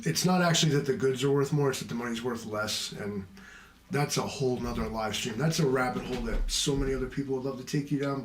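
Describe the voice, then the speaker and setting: A man's voice: mid-range voice, reverberant. A man hosting a casual livestream, rambling from topic to topic in a jokey, self-mocking way. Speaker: livestream host.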